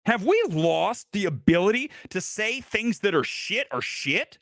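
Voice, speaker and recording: On a live movie talk stream, a male host rants angrily and sarcastically, swearing heavily and putting on a mocking accent for quotes. He has a high, sing-song, slightly bright voice at a measured pace, recorded cleanly in a studio with no room sound.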